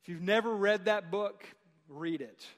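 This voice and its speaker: A man preaching a sermon as pastor, emphatic, repeating phrases and slowing down for key lines. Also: sits high. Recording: long hall reverb.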